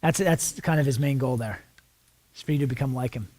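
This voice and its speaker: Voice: mid-range voice, fairly quick, darkish tone. A ministry school teacher talking informally to a class, rambling with many fillers and rhetorical checks on the listeners, with blunt, frank asides.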